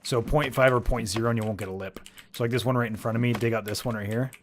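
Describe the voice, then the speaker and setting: A man's voice: medium pitch, steady tone, quick pace, noisy background. A man hosting a game stream, chatting with friends on voice chat and explaining what to do, laughing often. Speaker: stream host and game player. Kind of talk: casual gaming chat.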